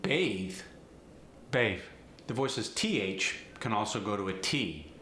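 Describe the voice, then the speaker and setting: A man leads a dialect lesson, explaining each pronunciation point in turn and speaking straight to his viewers. His voice is bright and forward. The recording has a roomy echo with a faint hiss of noise behind it. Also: on the low side. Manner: slow, deliberate demonstration of pronunciations; direct, encouraging address to viewers. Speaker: dialect coach. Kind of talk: instructional video narration. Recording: echoey room with faint noise.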